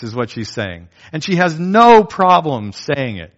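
A man's voice: a little high, very animated, measured pace, hardly any pauses, a bit bright. Earnest male pastor preaching a sermon. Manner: earnest, repetitive teaching with enumerated points. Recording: dull lo-fi recording.

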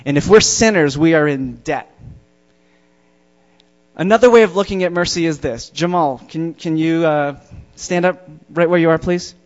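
A man in the pulpit delivering a sermon to his congregation, his voice sitting a little high for a man. He preaches emphatically, drawing out and stressing the words that matter. The recording sounds dull and lo-fi. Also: normal speed. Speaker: pastor. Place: church before a congregation.

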